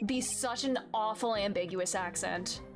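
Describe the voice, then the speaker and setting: A woman's voice: medium pitch, a little slow, soft background music. A woman streaming a video game playthrough, reading the lines aloud and joking at her own attempts at accents. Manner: self-mocking, laughs at her own accents.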